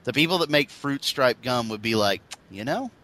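A man's voice: medium pitch, brisk, pushed and bright. A man hosting a podcast in casual comedic chat, sarcastic and laughing often as he riffs. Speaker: podcast host.

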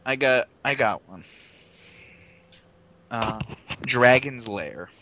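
A man in casual chat speaking bluntly and quickly, with frequent swearing. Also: mid-range voice, expressive.

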